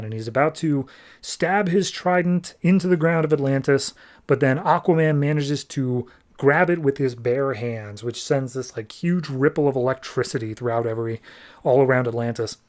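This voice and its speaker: A man's voice: mid-range voice, normal speed, a little mellow. A man hosting a podcast, recapping a comic book in a chatty, rambling way with fillers. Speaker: podcast host.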